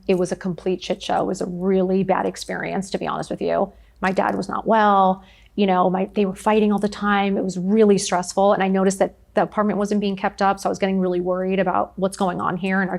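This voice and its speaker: Her voice is medium-pitched, creaky and darkish. A podcast guest in her fifties, she shares stories during a candid conversational interview, chatty and emphatic, constantly using "like."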